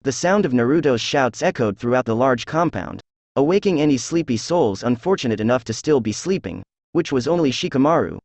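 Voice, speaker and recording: A man reading fan fiction aloud as narrator, in a steady, even storytelling voice. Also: medium pitch, a little fast, no room sound.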